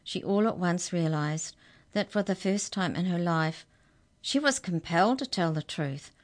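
A woman with a low voice reads a children's story aloud. Her narration is clear and expressive, and she brings the figures in smoothly. She sounds like a seasoned storyteller. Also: unhurried.

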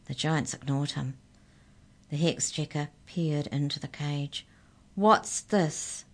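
A woman reading a children's storybook aloud in a gentle, expressive narrating voice. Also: low-pitched, unhurried.

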